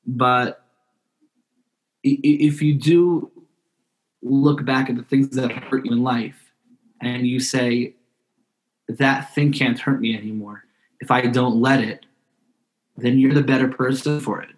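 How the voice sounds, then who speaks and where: A man's voice: mid-range voice, fairly even intonation, takes it slowly, long pauses. A man speaking as a podcast guest in a casual interview, earnest and heartfelt, often restarting his sentences.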